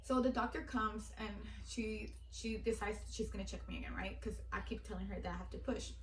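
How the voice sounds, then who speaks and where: A woman's voice: medium pitch, a little fast, echoey room, distant mic, a little hiss or hum, poor audio. A young woman in her twenties telling a personal story in a casual, heartfelt way, full of fillers and a little teary. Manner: filler-heavy, heartfelt, repeats "like". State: teary-eyed. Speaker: vlogger.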